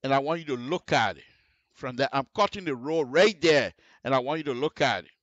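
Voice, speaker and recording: A man's voice: mid-range voice, a little fast, fairly bright tone, no echo, muffled recording. Man explaining road design step by step. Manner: explanatory, repeats checks like "you see the difference?". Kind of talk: on-air technical tutorial. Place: radio studio.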